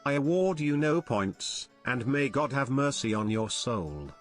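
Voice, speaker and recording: A man's voice: medium pitch, expressive, faint music behind, close to an everyday voice. A man playing a stern, withering official. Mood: withering contempt. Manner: measured, cutting, contemptuous. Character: stern middle-aged man delivering a withering rebuke. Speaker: stern official scolding someone in a film clip.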